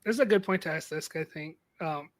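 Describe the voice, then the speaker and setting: High-voiced man cracking wry jokes. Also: fast, no echo. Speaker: podcast guest. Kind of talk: casual movie review chat.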